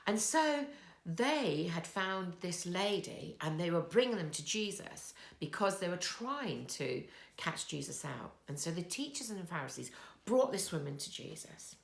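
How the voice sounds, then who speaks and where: Slow, gravelly-voiced woman in an echoey church. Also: on the low side, big pitch swings. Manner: slow, soft, storytelling with pauses. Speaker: children's talk leader. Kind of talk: gentle children's talk at church. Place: church hall.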